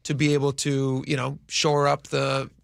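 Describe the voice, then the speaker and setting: A man's voice: medium pitch, completely flat delivery, moderate pace, gravelly, clean tone, no echo, studio quality. A man co-hosting a radio talk show, chatting casually about sports and asking his co-host questions. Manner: conversational, asks co-host questions.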